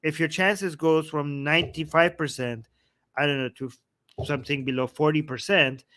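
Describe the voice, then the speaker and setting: A man's voice: a little high, fairly even intonation, moderate pace, a bit bright, no echo. A man hosting a casual talk show, conversational and hedging as he reads viewer comments and questions his co-host. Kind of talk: casual debate chat.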